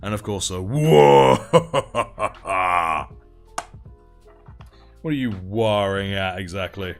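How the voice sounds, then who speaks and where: Very slow and low-voiced, this livestream host paints miniatures with faint music behind. He's chatty, reading out and thanking chat and laughing often.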